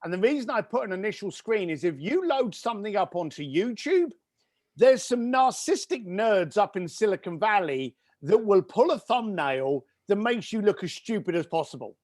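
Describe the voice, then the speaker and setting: Brief: British male guest, middle-aged, bursting with enthusiasm, high and sing-song delivery. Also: very animated, normal speed, darkish tone, dry recording, clean studio sound. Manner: enthusiastic, emphatic, quirky. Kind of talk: conversational business advice.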